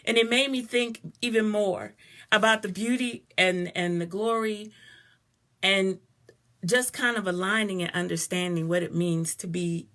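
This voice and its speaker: A middle-aged woman giving a personal, expressive talk to live viewers, breaking off to greet them by name. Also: mid-range voice, unhurried. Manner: expressive, conversational, greets viewers mid-sentence. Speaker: speaker on a live stream.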